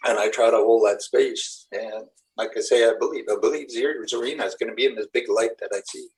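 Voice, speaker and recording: A man's voice: mid-range voice, fairly quick, few pauses, far from the mic, low-quality recording. Middle-aged man, spiritual teacher, mid-range voice, loose earnest storytelling to a group. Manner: rambling, earnest storytelling with acted-out quotes. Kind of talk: live group teaching talk.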